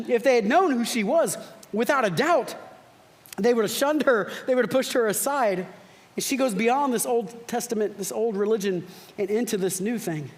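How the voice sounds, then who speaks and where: A man's voice: very high voice, moderate pace. A male pastor preaching a sermon in a church, conversational and teaching, often repeating words, with bursts of fervent emphasis. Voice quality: frequent repeated words and restarts.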